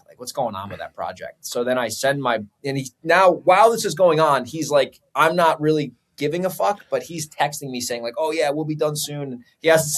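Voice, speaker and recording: A man, a real estate investor guesting on a podcast, telling a story in a casual, profane, animated way. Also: mid-range voice.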